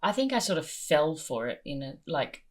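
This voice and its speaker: A young adult woman comedian talking candidly as an interview guest, animated and self-deprecating, cursing freely. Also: deep voice, normal speed. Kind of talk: candid conversational storytelling.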